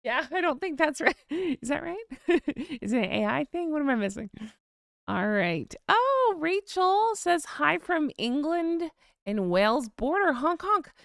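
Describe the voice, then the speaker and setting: Chatty American woman, gravelly voice. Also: high voice, big pitch swings, a little slow, a bit bright, no echo, clean studio sound. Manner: chatty, sighs and vocal eye rolls when frustrated. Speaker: live stream host. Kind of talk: casual live chat reading comments.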